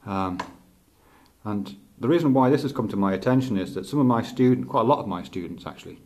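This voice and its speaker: A middle-aged male teacher thinking aloud in a halting, reflective way, with many restarts. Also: fairly low pitch, animated, darkish tone. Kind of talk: unscripted spoken reflection.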